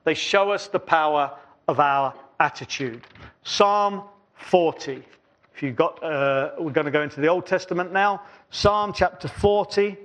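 A man with a high-pitched voice preaches a sermon in church. He speaks earnestly, building phrases through repetition and letting his voice fall quieter between them. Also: unhurried. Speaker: pastor.

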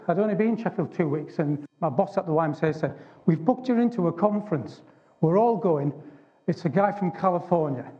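An Englishman giving an animated, emphatic testimony sermon to a men's gathering. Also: a little high. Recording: dull lo-fi recording.

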